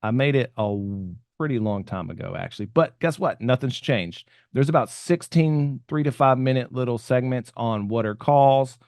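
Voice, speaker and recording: A man co-hosting an investing podcast, explaining trades in a relaxed, conversational way that trails off softer at the ends of his points. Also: medium pitch, moderate pace, few pauses, clear, resonant tone, no room sound, studio quality. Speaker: podcast co-host explaining options trading. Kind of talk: casual explanatory podcast talk.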